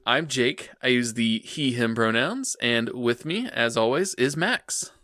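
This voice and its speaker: A man's voice: medium pitch, expressive, unhurried, bright, forceful tone, dry recording, studio quality. A man co-hosting a podcast, chatting casually and joking, then reading an episode recap. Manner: jokey, laughs easily. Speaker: podcast co-host.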